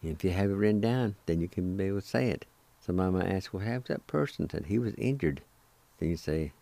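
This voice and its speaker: A man hosting a radio language lesson, spelling out words slowly and deliberately and gently encouraging listeners to practice. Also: low-pitched, lively intonation, vocal fry, dry recording. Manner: slow, deliberate, spells out syllables. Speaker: language radio show host.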